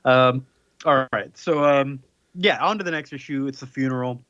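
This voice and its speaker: A man in a relaxed podcast chat, walking through a story beat by beat in a loose, meandering way and slipping into playful paraphrased lines. His voice sits mid-range and sounds dull and dry, like a lo-fi home mic with no room around it. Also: mid-range voice, normal speed, no room sound. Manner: loose, rambling retelling with playful paraphrased quotes. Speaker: podcast co-host. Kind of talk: casual comic recap chat.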